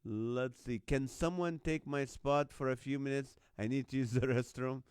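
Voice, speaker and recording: A man's voice: medium pitch, steady tone, normal speed, darkish tone, smooth, dry recording, clean studio sound. A man hosting a live stream, reading out viewers' jokes and laughing often between lines. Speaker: host.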